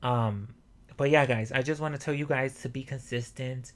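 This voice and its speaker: A young man hosting a motivational podcast alone, swearing a lot and breaking into loud yelling. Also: mid-range voice, normal speed. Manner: profane, animated, bursts into yelling. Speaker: podcast host.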